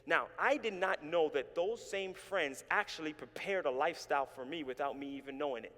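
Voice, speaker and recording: A man's voice: fairly high pitch, brisk, fairly bright tone. A man from Canada preaching a sermon in a church, telling his story with animation and calling on the congregation to respond. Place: church sanctuary. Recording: reverberant church hall.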